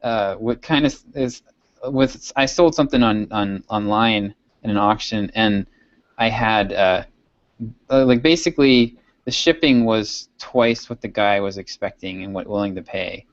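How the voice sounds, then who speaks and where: A podcast co-host chats casually, telling a rambling story and laughing often. His voice sits on the low side and moves a little slowly, captured in a dry, dull lo-fi recording.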